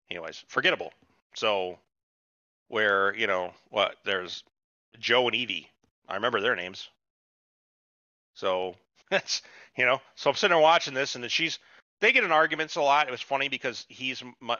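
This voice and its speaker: A man rambles through a story on a podcast, swearing freely and jumping his pitch up whenever he quotes a character. His voice has a bright, forceful edge. The recording is dry and slightly muffled. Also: expressive, normal speed, pauses often, dry recording. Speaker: podcast co-host. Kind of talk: casual chat, retelling a TV episode.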